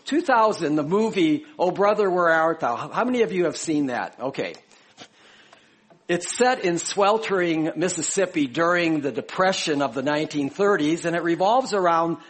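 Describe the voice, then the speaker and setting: Conversational man preaching a sermon. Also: a little high. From Chicago. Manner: conversational, explanatory, addresses the congregation directly. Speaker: pastor.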